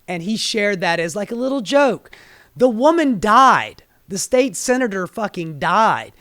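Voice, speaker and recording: A woman hosting her own political commentary show, delivering a profane, heated rant that swings between low muttering and loud outbursts. Her voice is getting strained. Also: sing-song, a little slow, no room sound, studio quality.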